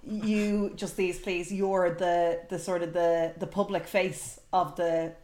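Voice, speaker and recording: A woman running a quiz on a casual podcast, chatty and quick to laugh. She restarts her sentences as she explains. Her voice rings in a roomy, echoey space. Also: on the low side, little pitch movement, darkish tone. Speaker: podcast producer and quiz host.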